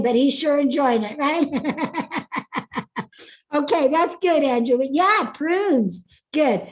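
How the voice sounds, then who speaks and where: Woman, speaking coach, high voice, upbeat, laughing, video call masterclass. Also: poor audio. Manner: upbeat, laughing, calls on attendees by name. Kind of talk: live online masterclass.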